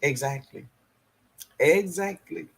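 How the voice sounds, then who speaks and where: A man's voice: fairly high pitch, slow, creaky, a bit bright, slightly rough. A middle-aged man hosting a live gardening stream, reading the chat aloud and greeting viewers by name, laughing often.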